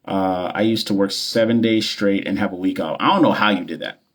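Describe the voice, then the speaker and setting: Speaking low and fairly quickly, this nurse and coach hangs out with his livestream audience over the phone. He jokes around in heavy slang, repeating himself and leaning on lots of fillers.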